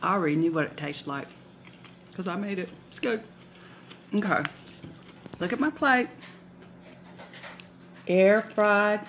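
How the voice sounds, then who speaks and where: A woman's voice: mid-range voice, measured pace, pauses often, a bit bright, a little hiss or hum. A woman chatting folksily through a home cooking demo in her kitchen, humming as she tastes. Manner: folksy and chatty, hums while tasting.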